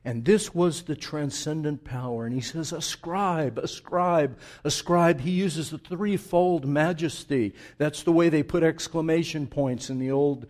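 A man preaching a sermon, moving between hushed, reflective asides and loud, emphatic build-ups, repeating phrases for emphasis. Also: a little high.

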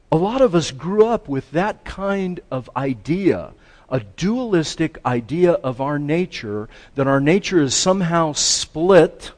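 A pastor with a slightly high, slightly mellow voice preaches a sermon to a class. He's earnest, builds up to emphatic stress, and frequently restarts his sentences.

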